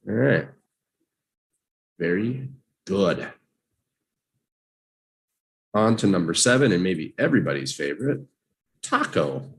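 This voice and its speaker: A man leads a live online vocabulary lesson at an unhurried pace. His fairly low voice swings up and down with animation as he drills each word and has listeners repeat it. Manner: slow and animated, drills words with repeat-after-me prompts. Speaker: English teacher.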